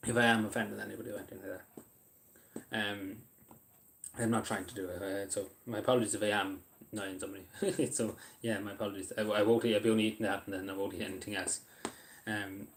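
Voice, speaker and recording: A man's voice: on the low side, little pitch movement, fast talker, creaky, a little hiss or hum. Apologetic man chatting on stream. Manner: hesitant, apologetic, many fillers. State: eating while talking. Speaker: livestreamer. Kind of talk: casual livestream chat.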